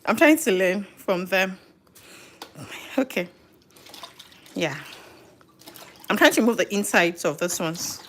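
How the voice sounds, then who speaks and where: A woman's voice: medium pitch, lively intonation, slow, long pauses, slight background noise. A middle-aged woman chatting casually while cooking live at home, thinking aloud and correcting herself as she goes. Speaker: home cook and live streamer. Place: home kitchen.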